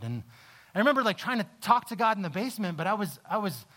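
A male pastor with a slightly high voice tells a personal story in a sermon. He talks in halting restarts, swinging between lively scenes and quiet, low reflection.

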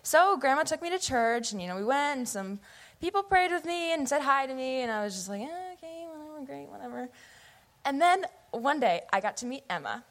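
A young woman in her late teens from the US Pacific Northwest, giving an earnest, animated personal testimony into a church microphone. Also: high-pitched, fairly quick. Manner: earnest, animated, acts out her past self in quotes. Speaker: youth member giving testimony. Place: church sanctuary. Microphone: microphone at a pulpit or stage.

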